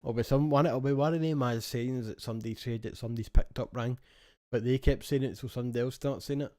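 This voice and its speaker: A man's voice: mid-range voice, fairly even intonation, fast, mellow. A young Scottish man co-hosting a podcast, chatting casually with lots of swearing, slang and laughter. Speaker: podcast co-host. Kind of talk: casual chat.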